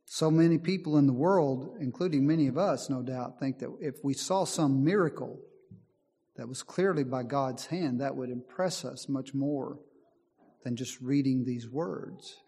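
Earnest preacher in an echoing hall. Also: male voice, mid-range voice, measured pace, mellow, husky. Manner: earnest, emphatic, reads scripture aloud. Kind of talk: sermon. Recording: long hall reverb.

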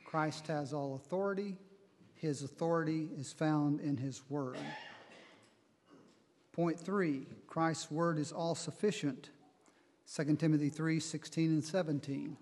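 A man's voice: a little high, fairly even intonation, darkish tone. Preacher man in a reverberant hall. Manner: measured Bible reading and teaching, slow on quoted verses. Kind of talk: sermon.

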